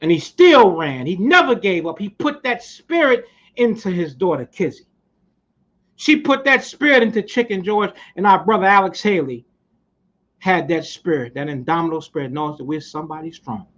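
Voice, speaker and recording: A man in a fiery, preaching motivational speech, with a high, ringing voice and a blunt, profane edge. The recording is dull and lo-fi, with little top end. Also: animated, moderate pace, fairly bright tone. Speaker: speaker at a community society. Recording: muffled lo-fi recording.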